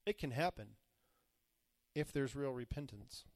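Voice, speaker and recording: A man's voice: medium pitch, expressive, unhurried, a little mellow, no room sound, studio quality. A man preaching a sermon, retelling scripture in plain, modern words and acting out the quoted voices. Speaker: pastor.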